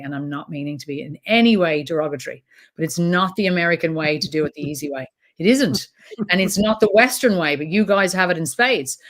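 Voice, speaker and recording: A middle-aged woman with an Irish accent, a trauma expert talking casually as an interview guest, chatty with laughing asides. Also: lowish voice. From Ireland.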